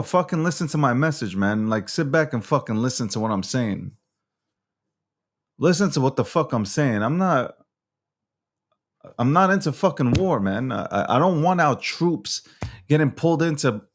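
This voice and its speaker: Hosting a nightly recap show, a man delivers a heated on-camera rant packed with profanity and repetition. His medium-pitched voice is expressive and moves at a moderate pace.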